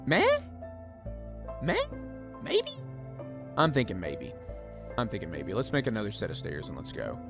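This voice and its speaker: This streamer's voice is on the low side and gravelly, with huge pitch swings, normal speed, and long pauses. Playing a building game live over background music, he casually thinks aloud, mocks himself, and talks with viewers.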